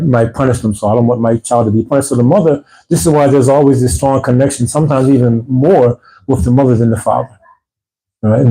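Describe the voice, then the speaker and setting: A man teaching at a weekly mosque gathering, talking in a conversational, rambling way and getting animated when he quotes people. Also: mid-range voice, rough recording. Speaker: religious teacher. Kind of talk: informal religious talk.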